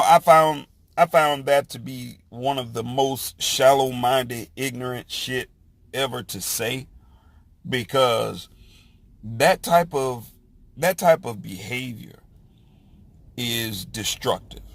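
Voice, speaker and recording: A man in a casual monologue, talking haltingly with lots of fillers and restarts. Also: medium pitch, vocal fry, fairly bright tone, no room sound. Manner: slow, halting, with many "you know" fillers and restarts. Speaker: speaker sharing opinions.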